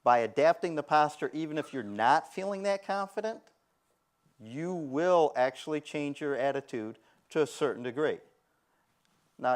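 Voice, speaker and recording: A man speaks to a room at a conference, his voice sitting a little higher than most men's. He talks in an animated way and slips into the voices of the people he describes. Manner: animated, acts out quoted voices. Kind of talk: conference talk.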